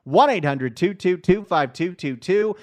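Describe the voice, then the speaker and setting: An upbeat middle-aged man runs a call-in radio show from the studio mic. He keeps up chatty patter between callers. His voice sits a little higher than most men's. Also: lively intonation, moderate pace. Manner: upbeat, chatty, reads the phone number often. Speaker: radio talk show host. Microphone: studio microphone.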